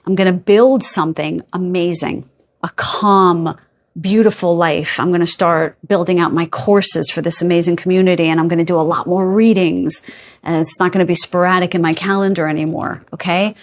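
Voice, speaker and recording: A woman's voice: lowish voice, fairly even intonation, normal speed. A woman giving a casual pick-a-card tarot reading, chatty and rambling, often checking in with "okay?" and "right?". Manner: rambling with playful filler sounds.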